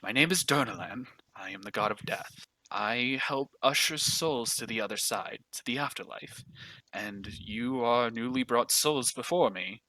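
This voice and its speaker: A man playing a friendly, middle-aged god of death, gentle and apologetic, a little lost for answers. The tone is bright and clear. It sounds close and dry, with no room sound. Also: medium pitch, unhurried, no room sound, low-quality recording. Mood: explaining.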